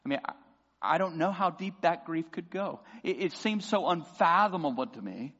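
A man preaching a sermon as pastor, passionate and building to loud emphatic peaks. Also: on the high side. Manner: impassioned preaching, voices imagined prayers loudly. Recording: dull sound with long hall reverb.

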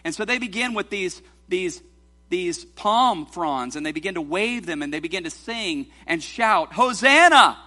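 A man preaching a sermon in a church, reading scripture slowly and leading the congregation in a playful responsive reading. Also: sits high, animated, sharp tone. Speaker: pastor. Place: church sanctuary.

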